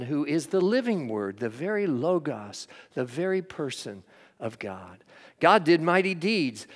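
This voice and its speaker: An older man giving a sermon as a chaplain, telling stories earnestly and moving between hushed and emphatic delivery. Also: fairly high pitch, in a large hall. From United States. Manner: earnest storytelling preacher, swings from hushed to emphatic. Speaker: chaplain preaching.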